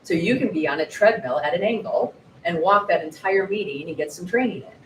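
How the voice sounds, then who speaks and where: Woman in her 40s, animated storyteller, lowish voice, echoey bookshop from a distance. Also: fairly quick. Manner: lively, animated storyteller acting out quotes. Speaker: author guest. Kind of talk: storytelling at a live book event. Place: bookshop event space. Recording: roomy echo, distant mic, faint noise.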